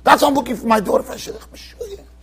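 A man giving an informal Torah lecture as a rabbi, animated and joking, repeating phrases for emphasis. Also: very high-pitched, fast talker, creaky. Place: yeshiva lecture hall.

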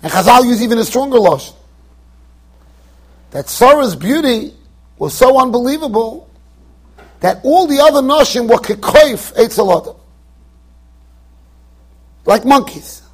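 A man with a strikingly high, husky voice teaches a Torah class in a yeshiva study hall. He lectures with emphasis, throws rhetorical questions at his listeners and circles back over the same phrases. He often stumbles into quick restarts as he builds an argument. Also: expressive.

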